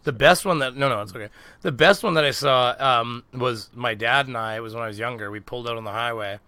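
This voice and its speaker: A man, co-hosting a podcast, telling a story in a lively, swearing, laughing way. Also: medium pitch, quick pace, dry recording. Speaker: podcast co-host. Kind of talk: casual storytelling chat.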